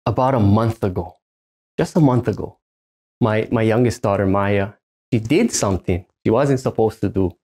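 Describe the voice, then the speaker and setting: A man's voice: lowish voice, normal speed, dark tone, slightly rough. Guy from hawaii preaching, says the big lines twice for emphasis, church stage. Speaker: pastor. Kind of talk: sermon.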